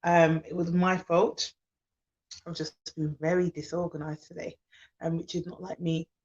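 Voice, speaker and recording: A woman's voice: on the low side, level tone, normal speed, a little mellow. A woman who works as a nanny and childcare expert, hosting a casual live stream and sounding sleepy. She chats easily, greets her viewers by name and laughs often. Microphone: phone or laptop for a live stream. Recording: dull lo-fi live-stream audio.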